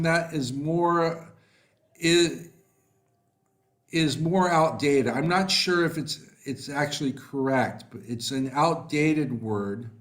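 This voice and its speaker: A man runs a live online lesson. His voice sits a little high for a man, and he takes his time with frequent "um"s and "so"s. He is warmly encouraging as he reacts to student answers. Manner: encouraging, praises students by name, unhurried with fillers. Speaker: online English tutor. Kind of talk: live online class, reading chat replies.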